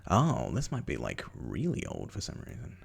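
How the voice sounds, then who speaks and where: A young Scottish man streaming live while he works, muttering to himself and breaking into loud, exasperated outbursts. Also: extremely low pitch, wildly swooping pitch, normal speed, vocal fry, husky. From Scotland. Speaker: livestreamer rigging in 3D software. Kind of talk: casual live-stream chat while working.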